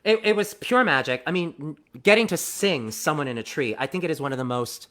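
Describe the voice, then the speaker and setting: A man being interviewed as a theater actor, telling animated anecdotes and often restarting his sentences. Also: on the high side. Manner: animated, quick-talking anecdotes with many restarts. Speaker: guest, musical theater actor. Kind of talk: conversational interview storytelling.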